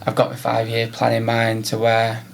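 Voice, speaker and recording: A man's voice: medium pitch, completely flat delivery, moderate pace, vocal fry, slight background noise. A man in his thirties with a Manchester-tinged accent, a podcast guest chatting casually and rambling with plenty of fillers. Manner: easygoing, rambling with many fillers. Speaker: podcast guest, business owner.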